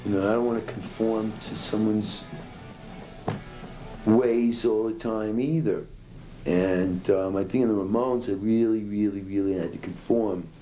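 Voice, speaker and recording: A man in a documentary interview, speaking in a reflective, measured way. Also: fairly low pitch, fairly even intonation, dark tone, faint music behind, poor audio.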